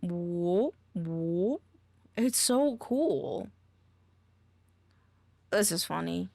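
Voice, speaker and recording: A woman's voice: lowish voice, lively intonation, very slow, gravelly, darkish tone, no echo. A woman streamer chatting casually, goofy and exclamatory, often swearing and trailing off mid-sentence. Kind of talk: casual live-stream chat.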